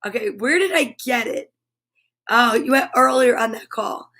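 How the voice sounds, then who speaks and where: A woman's voice: fairly high pitch, moderate pace, bright, forceful tone. A woman hosting a live stream, chatting with viewers and reading their comments aloud in a bubbly, exclamatory way. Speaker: host of a live comedy stream.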